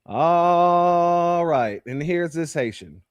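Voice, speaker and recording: A man hosting a live reaction stream, joking and mocking the clips and giving shout-outs to viewers. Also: fairly high pitch, expressive, extremely slow, clear, resonant tone, lo-fi sound. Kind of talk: casual reaction commentary.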